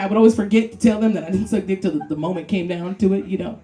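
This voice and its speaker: Talking very fast in a warm, mid-range voice, a woman does a stand-up set at a comedy club with a live audience. The Brooklyn comic is brash and profane, laughing her way through the punchlines.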